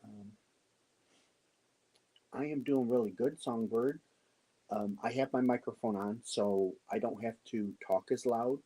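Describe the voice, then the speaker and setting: A middle-aged man from the United States hosting a casual livestream chat from home at night, talking softly into his microphone so he won't wake someone sleeping upstairs. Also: unhurried, long pauses, low-quality recording. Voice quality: low, husky voice. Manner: talking softly to keep the house quiet, greeting viewers. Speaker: livestream host. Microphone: microphone worn.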